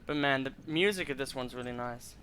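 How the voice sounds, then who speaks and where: A man's voice: mid-range voice, a little fast, fairly bright tone, soft background music. A young man giving casual commentary while he plays a game, rambling and reading in-game text aloud with stumbles. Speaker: gameplay streamer.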